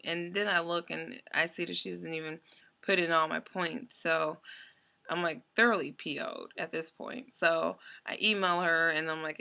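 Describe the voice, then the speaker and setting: A woman's voice: fairly low pitch, gravelly, pushed and bright. A young adult woman ranting in a casual vlog, telling a story in a rambling, exasperated way with lots of fillers. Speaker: vlogger.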